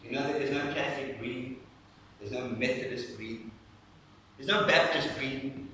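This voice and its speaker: A male pastor preaching a lively sermon to his congregation, guiding them through breathing along the way. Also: medium pitch, normal speed, a little hiss or hum. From South Africa. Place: church hall. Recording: echoey church hall, mic at a distance.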